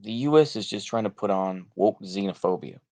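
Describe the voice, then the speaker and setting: A man with a Texan accent talks in a rambling, off-the-cuff monologue, full of fillers and verbal tics. He is blunt and sarcastic and swears freely, and his voice sits a bit on the low side. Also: lively intonation, brisk, dark tone. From United States. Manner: rambling, many fillers and repeated "like I say". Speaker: political commentary vlogger. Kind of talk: casual monologue.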